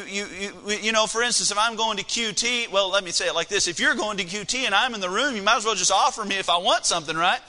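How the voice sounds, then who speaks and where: A man's voice: high-pitched, pushed and bright. A man preaching a sermon in a church, telling a family story in a conversational way with fillers. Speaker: pastor. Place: church sanctuary. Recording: long reverb of a large hall.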